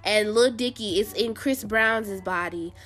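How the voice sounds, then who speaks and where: A woman's voice: mid-range voice, a little slow, a bit bright, soft background music. A woman hosting a show, giving casual pop-culture commentary in a blunt, sassy way and talking straight to her viewers. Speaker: show host.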